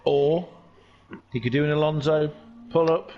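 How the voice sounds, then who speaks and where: A man's voice: a little high, fairly even intonation, a little slow, muffled recording, slight background noise. Chatty, jokey male race commentator. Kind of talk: casual sim racing commentary.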